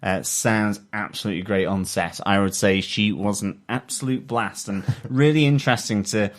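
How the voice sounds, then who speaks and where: A man co-hosting a TV review podcast in casual chat, enthusiastic and halting, with frequent fillers. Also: fairly low pitch. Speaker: podcast co-host.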